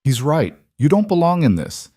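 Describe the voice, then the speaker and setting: A man's voice: medium pitch, very animated, a little fast, darkish tone, no echo, studio quality. A man voicing a powerful mafia boss, icy and controlled in an audiobook reading.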